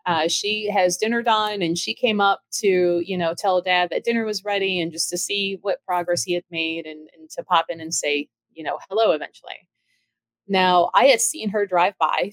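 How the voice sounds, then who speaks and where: A middle-aged woman casually telling ghost stories from her own home, chatty and lively, acting out the voices of the people in her story. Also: fairly low pitch, no room sound. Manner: chatty, animated, acts out quoted dialogue. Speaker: storyteller recounting ghost encounters.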